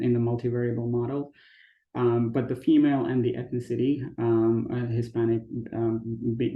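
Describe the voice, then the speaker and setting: A male researcher presents his study results, stopping often to restart phrases. His voice is deep-toned, dark and gravelly, with little rise and fall. The room around him sounds echoey. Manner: hesitant, frequent fillers and restarts. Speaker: conference presenter. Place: conference talk, recorded remotely.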